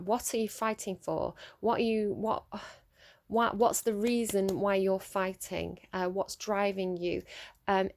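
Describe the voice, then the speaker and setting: Here is a woman talking through a tarot reading as if thinking out loud. She is halting and musing, with lots of ums and false starts. Her voice sits at an ordinary middle pitch. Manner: laughs at her own slips. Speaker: tarot reader. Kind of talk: solo tarot reading to camera.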